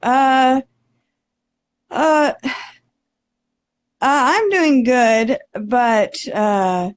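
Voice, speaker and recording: A woman in her thirties speaks as a guest on a video call. She sounds emotionally shaken. Her voice is fairly high, and she talks slowly and haltingly, often stopping on hesitations. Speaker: interview guest.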